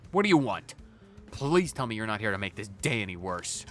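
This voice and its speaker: A man voicing a hot-headed young male mech pilot who rants loudly in exasperation, reading game dialogue aloud. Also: lowish voice, animated, brisk, soft background music, pitched below the performer's own voice. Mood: exasperated. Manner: exasperated, loud ranting.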